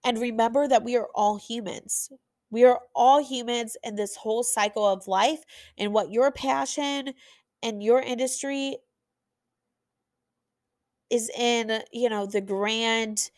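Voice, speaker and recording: Passionate, energetic woman podcast host. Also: fairly high pitch, slow, dry recording, clean studio sound. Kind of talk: motivational podcast monologue.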